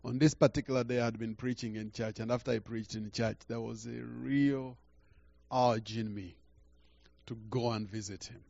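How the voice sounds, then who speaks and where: Gravelly older preacher. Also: male voice, medium pitch, fairly even intonation, muffled recording. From Uganda. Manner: halting, repeats words, swings from quiet to loud. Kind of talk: storytelling sermon.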